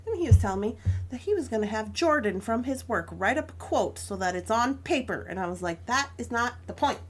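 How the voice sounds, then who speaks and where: A woman's voice: fairly high pitch, very animated, normal speed, a little hiss or hum. A young adult woman chatting casually as a crafting stream host, telling a story with frequent laughs and acting out both sides of an argument.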